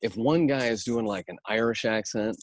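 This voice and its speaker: Brief: low-voiced man, middle-aged guest, animated, dry close sound. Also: moderate pace, no room sound. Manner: animated, laughs often, slips into voices. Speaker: improv instructor, guest. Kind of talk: casual podcast interview.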